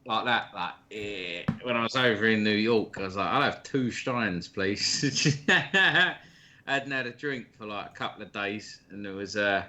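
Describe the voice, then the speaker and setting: Casual bloke, lower register, crude matey banter, co-host. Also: male voice, normal speed, sharp tone, a little hiss or hum. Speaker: stream co-host. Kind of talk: casual chat.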